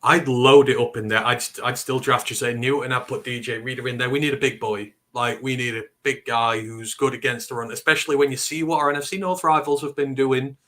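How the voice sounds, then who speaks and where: A man from northern England with a Northern English accent, co-hosting a casual sports talk stream, animated and opinionated. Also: medium pitch. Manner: animated, opinionated, quick asides. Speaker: co-host.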